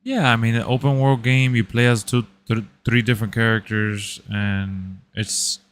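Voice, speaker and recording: A young man in relaxed casual chat, using slangy speech and saying "bro" a lot. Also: medium pitch, moderate pace, clean tone.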